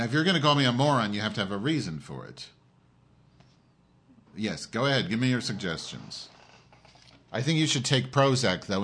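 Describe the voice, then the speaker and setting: A man's voice: fairly low pitch, fairly bright tone, breathy edge. Profane, ranting male live-streamer. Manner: profane, sarcastic, combative with viewers.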